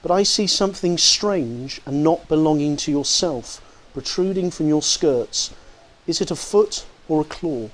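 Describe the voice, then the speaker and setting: A man's voice: on the high side, a little slow, lightly acted, low-quality recording. A man reading aloud as a shaken old miser who pleads anxiously with a spirit. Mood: pleading.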